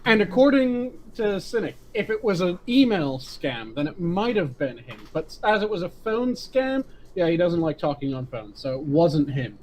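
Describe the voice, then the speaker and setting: High voiced guy on a podcast, swears a lot, jokes around. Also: very animated, moderate pace, few pauses, a little mellow, a little hiss or hum. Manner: crude, joking, laughs a lot. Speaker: podcast co-host. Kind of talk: casual podcast chat.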